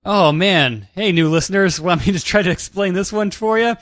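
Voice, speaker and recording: A man co-hosting a comics podcast in relaxed chat, chiming in with jokes and explanations. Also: high-pitched, normal speed, no echo, clean studio sound. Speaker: podcast co-host. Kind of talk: casual chat.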